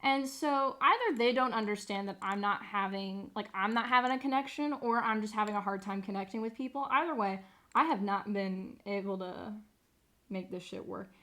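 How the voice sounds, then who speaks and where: A woman's voice: medium pitch, normal speed, sharp tone. A young woman streamer chatting casually, rambling, sarcastic and swearing freely. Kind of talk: casual live-stream chat.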